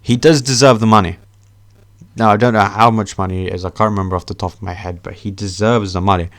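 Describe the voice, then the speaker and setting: A young man hosting a podcast, ranting about sports in a casual, animated way, swearing often. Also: lowish voice, fast, no echo. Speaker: podcast host.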